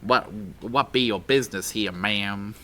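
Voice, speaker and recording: A man's voice: fairly low pitch, unhurried, sharp tone. A man voicing a boisterous frontier saloon bartender who talks in a folksy drawl and breaks into hammy outbursts. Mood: gruff.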